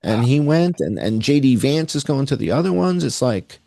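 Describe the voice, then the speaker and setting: A man's voice: mid-range voice, sing-song, normal speed, creaky, hardly any pauses, warm tone, no room sound, studio quality. A man talking in a sarcastic, rambling way on a podcast, with mocking asides. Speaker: podcast guest. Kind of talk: casual conspiratorial chat.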